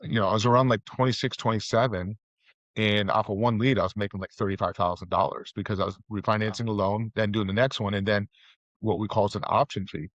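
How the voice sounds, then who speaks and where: A man's voice: lowish voice, steady tone, fast talker, fairly bright tone, dry recording. A middle-aged man, a real estate guest, telling loose, rambling stories full of fillers and restarts. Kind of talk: casual storytelling interview. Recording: dull, muffled audio.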